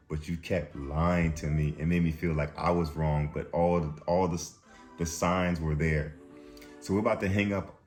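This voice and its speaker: A young man with a very deep voice tells a story in a loose, casual way. He acts out the lines of the people in it and laughs at the funny parts, with faint music behind him. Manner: animated, acts out quotes, laughs at his own story. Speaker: vlog host.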